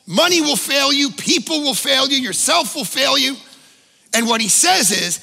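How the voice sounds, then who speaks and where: A male pastor preaching a conversational sermon, emphatic, with sudden loud bursts and casual asides. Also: extremely high pitch, lively intonation, normal speed, gravelly, in a large hall, faint music behind. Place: church auditorium.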